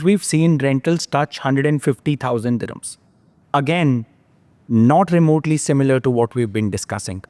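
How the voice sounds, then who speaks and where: A man's voice: a little high, a little mellow, no room sound. A man hosting a podcast, talking through property figures in an analytical way and checking in with "yeah?". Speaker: podcast host, real estate analyst. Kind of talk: podcast discussion.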